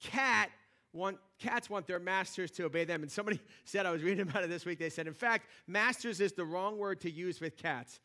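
A man's voice: high-pitched, fairly quick, sharp tone. A man preaching a sermon as pastor in a church, talking conversationally with lots of restarts and rising energy. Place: church sanctuary.

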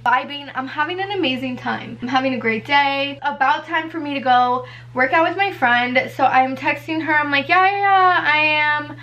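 Bright, high-voiced young woman vlogger. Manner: animated, fast-paced retelling with many fillers and acted-out quotes. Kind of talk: casual storytime.

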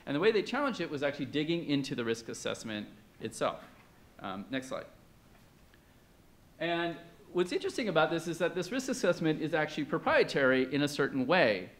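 A man's voice: fairly high pitch, very animated, brisk. A man presenting at an academic conference in a conversational way, with many fillers and questions put to the audience.

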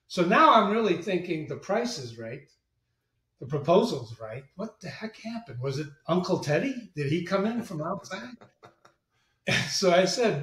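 A middle-aged marketing agency president, appearing as an interview guest, animatedly tells business anecdotes and acts out the voices of the people he quotes. His voice sits high and moves at a moderate pace. The mic is distant in an echoey room.

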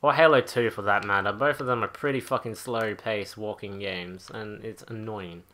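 Guy ranting and swearing over his game footage, sharp bright voice, fed up. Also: on the low side, fairly even intonation, moderate pace, slight background noise. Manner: profane, exasperated ranting. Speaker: gaming channel host. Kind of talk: angry gameplay rant.

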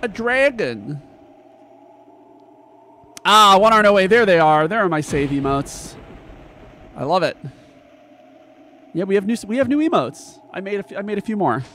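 A man's voice: high voice, sing-song, a little hiss or hum. Emotional, gushing male game streamer. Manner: emotional, gushing, thanks viewers warmly; halting restarts when earnest. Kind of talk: casual live-stream game commentary.

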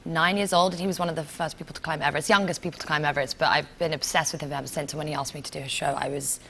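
A woman, a talk show guest telling animated stories in a television studio and laughing often. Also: low voice, racing, creaky, slight background noise. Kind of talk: casual chat.

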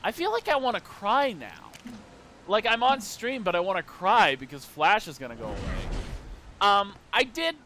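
A man's voice: high-pitched, very animated, normal speed, pushed and bright, a little hiss or hum. A young man casually commenting while playing a video game, rambling and wistful with sudden playful outbursts. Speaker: gameplay streamer.

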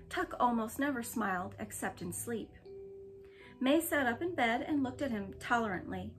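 A woman reads a novel aloud in a gentle, even storytelling voice pitched a little high. Soft music plays faintly underneath. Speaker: storybook reader.

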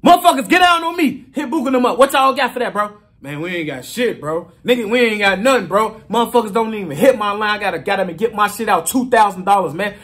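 A man's voice: sits high, expressive, fast, hardly any pauses, fairly bright tone. A man telling a swaggering street story as an interview guest, acting out other voices and sound effects. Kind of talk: casual storytelling.

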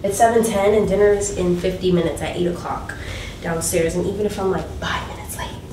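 A young woman vlogging casually from a hotel room, gushing and excitable, sometimes dropping to a whisper. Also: fairly low pitch, a little fast, echoey room, distant mic, a little hiss or hum. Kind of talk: casual vlog chat.

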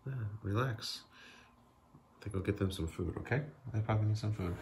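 A man's voice: lowish voice, normal speed, creaky, long pauses, darkish tone, slight background noise. A man filming a casual vlog at home, talking to his cats in coaxing baby talk and often dropping to a whisper. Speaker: cat owner filming his pets. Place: home by a sliding door.

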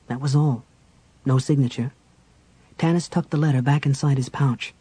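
Male audiobook narrator, breathy tone, steady storyteller pacing. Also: medium pitch, normal speed, pauses often, rough recording. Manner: even, storytelling delivery.

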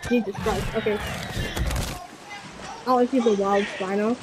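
A woman's voice: medium pitch, steady tone, a little slow, noisy background. A young woman in casual gaming chat. She is playful, swears freely and laughs often.

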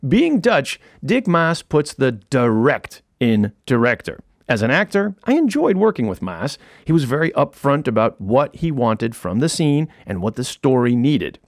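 A man's voice: mid-range voice, no echo. Wry man narrating comedic audiobook. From United States. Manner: wry, dry storytelling with punchline timing. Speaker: author and comedian narrating his book. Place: recording studio.

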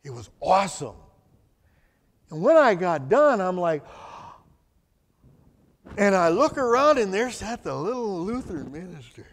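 A man's voice: high voice, very animated, unhurried, pauses often. A man telling his story as a sermon testimony in a church, in a folksy, colloquial way. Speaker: guest speaker giving testimony. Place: church sanctuary. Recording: echoey church hall reverb.

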